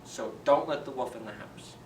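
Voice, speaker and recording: A man's voice: mid-range voice, moderate pace, darkish tone, slight background noise, natural voice. A man voicing a caring, protective mother goose who earnestly warns her goslings in a storybook tale. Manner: earnest, warning tone. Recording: roomy echo, distant from the mic.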